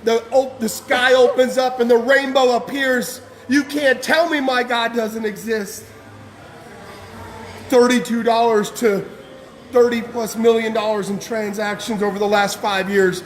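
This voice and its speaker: High-voiced man giving fervent testimony. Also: fairly even intonation, a little slow, slight background noise. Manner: fervent, emotional, casual slang. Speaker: guest speaker. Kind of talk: impassioned personal testimony speech.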